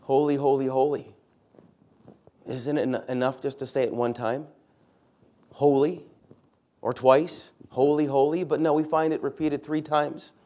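A man's voice: mid-range voice, fairly even intonation, a little slow, long pauses, mellow. A man, a pastor, preaching a sermon in a church, stressing key words by repeating them and putting questions to the congregation.

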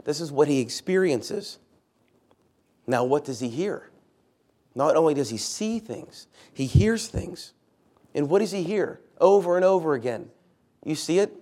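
A man's voice: a little high, darkish tone. A man, a pastor, preaching a sermon in a church, stressing key words by repeating them and putting questions to the congregation.

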